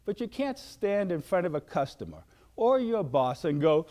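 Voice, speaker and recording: An older man giving a motivational wellness talk, animated and acting out shouted outbursts. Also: high voice, normal speed, highs cut off. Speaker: wellness speaker.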